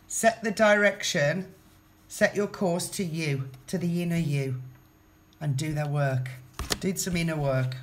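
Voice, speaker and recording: A woman giving a casual tarot reading, talking straight to the viewer and repeating her phrases. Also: low voice. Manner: chatty, repeats phrases, addresses the viewer directly. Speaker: tarot reader.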